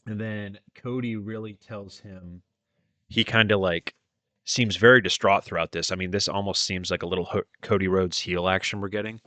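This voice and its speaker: A man's voice: on the low side, steady tone, normal speed, bright, forceful tone, dry recording. A man giving a casual, rambling wrestling review, retelling with many fillers and plenty of enthusiasm.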